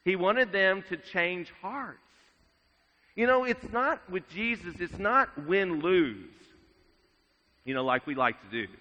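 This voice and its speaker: Unhurried preacher in a reverberant hall. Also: male voice, high voice, animated. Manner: measured, dropping to a hush at solemn moments. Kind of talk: sermon. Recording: dull sound with long reverb in a large hall.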